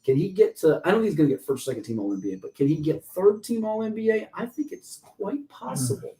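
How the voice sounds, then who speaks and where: Sports talk host guy, rattles along quick, jokey and excitable, voice sits a bit high. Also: poor audio. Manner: fast, excitable, jokey and talkative.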